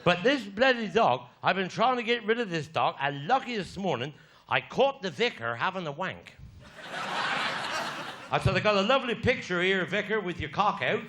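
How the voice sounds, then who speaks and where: On a theatre stage, a Cornish man does live stand-up storytelling, sharing bawdy rural yarns and putting hecklers in their place. His voice is high and sing-song at a moderate pace, with loud audience laughter and noise throughout the recording.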